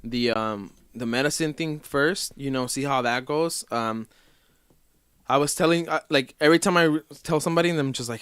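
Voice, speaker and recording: A man's voice: medium pitch, a little fast, a bit bright, smooth, no room sound, clean studio sound. A man chatting casually as a podcast guest, rambling loosely with lots of fillers.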